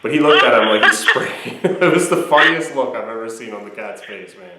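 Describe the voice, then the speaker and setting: Young dad host, rambling and laughing, swears a lot, very echoey room. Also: male voice, mid-range voice, lively intonation, fairly quick, pushed and bright. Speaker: host, new father. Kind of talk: casual family phone chat.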